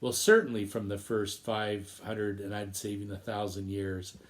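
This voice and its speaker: A man teaching a recorded lesson, retelling an old story in a reflective, measured way. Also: fairly low pitch, fairly even intonation.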